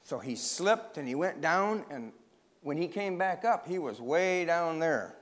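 Man, storyteller reading aloud to kids, expressive, slightly high voice. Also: measured pace. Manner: expressive, asks listeners questions.

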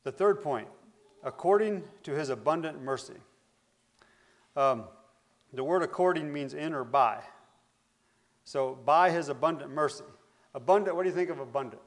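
A man's voice: fairly high pitch, moderate pace, pauses often. A man preaching a Bible lesson in a conversational, searching way, reading verses aloud and working through his thoughts. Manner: conversational, searching, with fillers and restarts. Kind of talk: Bible teaching sermon.

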